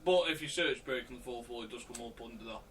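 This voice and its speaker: A man's voice: medium pitch, fast, a bit bright. A man co-hosting a casual podcast who needles his co-hosts sarcastically. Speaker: podcast co-host. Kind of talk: casual banter. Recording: distant mic with faint background noise.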